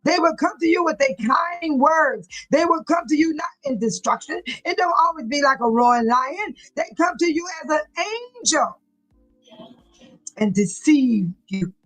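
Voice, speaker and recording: High-voiced woman chatting on a livestream. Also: lively intonation, measured pace, fairly bright tone, faint music behind, rough recording. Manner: emphatic and preachy, repeats herself, laughs often. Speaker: livestream host reading viewer chat. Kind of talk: casual livestream chat.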